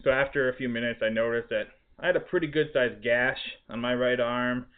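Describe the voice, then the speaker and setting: A man's voice: medium pitch, brisk, clear, resonant tone. A man, a podcast host and restaurant cook, telling a story in casual chat, laughing and swearing in exasperation. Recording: tinny phone-like audio.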